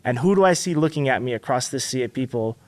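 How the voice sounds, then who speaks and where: Guy telling a story real animated, jumps way up when he quotes people, dry close mic, mid pitch. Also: fast talker, dry recording. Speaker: podcast guest, singer. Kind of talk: casual storytelling.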